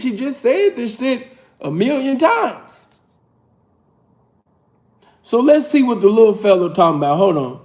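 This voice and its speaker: A man with a notably high-pitched voice talks back at video clips during a livestream. He speaks in street slang and leans into a preachy, drawn-out emphasis, often repeating a line to drive it home. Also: big pitch swings, a little mellow. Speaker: livestream reaction host. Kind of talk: casual reaction commentary.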